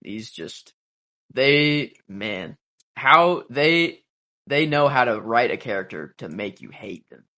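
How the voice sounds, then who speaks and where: A man's voice: mid-range voice, expressive, slow pace, pushed and bright. A man co-hosting a podcast in casual talk, often hesitating and trailing off. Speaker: podcast co-host. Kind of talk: casual episode breakdown.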